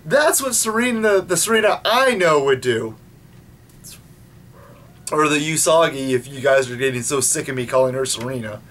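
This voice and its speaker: An anime vlogger talking off the cuff at home, with a mid-pitched voice. The delivery rambles through restarts and casual swearing, loose and unscripted. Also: lively intonation, normal speed, fairly bright tone.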